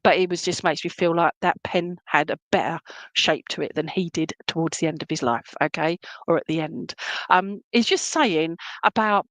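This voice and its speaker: A chatty woman medium with a fairly low voice gives a reading during an online spiritualist service. Her delivery is homely and reassuring, and she keeps checking in with her listeners. The sound is close and dry. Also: moderate pace, no echo. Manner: chatty and reassuring, checks in with "okay?" and "all right?"; relays spirit messages in a homely, colloquial way.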